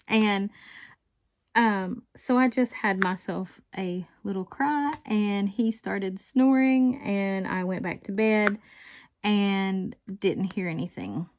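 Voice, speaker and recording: A woman casually rambling through a story as she works on a craft at home, breaking into chuckles now and then. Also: mid-range voice. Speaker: diamond painting vlogger. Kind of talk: casual chat while crafting.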